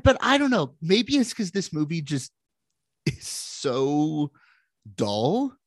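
A man's voice: medium pitch, no echo. A man co-hosting a casual film podcast, wry and opinionated, giving blunt takes. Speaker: podcast co-host.

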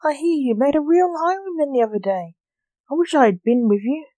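Woman reading a breezy reckless gentleman. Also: high voice, brisk, dry recording, pitched above the performer's own voice, natural voice. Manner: breezy, teasing. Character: cheerful reckless young gentleman.

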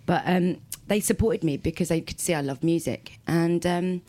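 This South London woman, a musician being interviewed in a relaxed conversation, looks back on her past in a low, warm voice at a moderate pace. Her stories wander from one to the next, punctuated by laughter and constant self-corrections as she restarts sentences.

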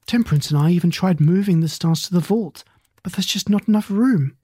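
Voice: mid-range voice, fairly quick, dark tone, slightly rough, dry recording, studio quality, close to an everyday voice. A narrator voicing a worried, kindly middle-aged aunt who speaks in an anxious, earnest way.

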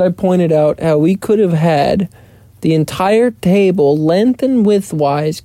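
Young solo podcaster spinning a loose, profane anecdote, with a warm low tone and a dry booth sound. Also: vocal fry, no room sound. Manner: rambling, profane, filler "blah, blah, blah". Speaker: podcast host and pilot in training. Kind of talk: casual solo storytelling monologue.

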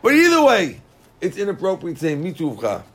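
A man teaching a Talmud class, explaining Aramaic and Hebrew phrases in plain terms with lively energy. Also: sits high, fairly quick.

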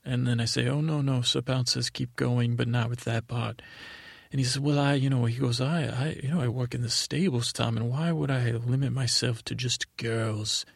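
Gravelly, husky man rambling in character. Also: mid-range voice, steady tone, no echo, clean studio sound. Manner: rambling, halting, full of restarts; naive, childlike storyteller persona. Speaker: comedy podcast host. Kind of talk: improvised in-character comedy storytelling.

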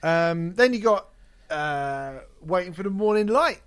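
A man's voice: high voice, animated, unhurried, a bit bright, clean tone. A man on a podcast, casually chatting about an album, sweary and sarcastic, laughing often. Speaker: podcast co-host. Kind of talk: casual chat reviewing an album.

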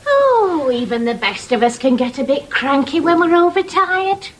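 Cheerful sitcom caregiver, high lively woman's voice, slow and easy, noisy broadcast audio. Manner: bright, soothing, lively. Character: cheerful young female live-in caregiver.

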